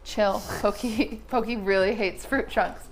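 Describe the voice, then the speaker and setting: A woman's voice: medium pitch, fairly even intonation, unhurried, very noisy. A young woman hosting a cooking livestream, chatting casually with her guest and her chat as she cooks. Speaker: streamer host cooking on stream.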